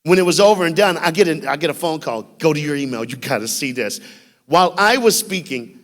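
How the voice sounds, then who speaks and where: A man giving an animated, folksy school assembly speech as a motivational speaker, telling stories and checking in with the crowd. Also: on the high side, a little fast. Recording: long hall reverb with faint music.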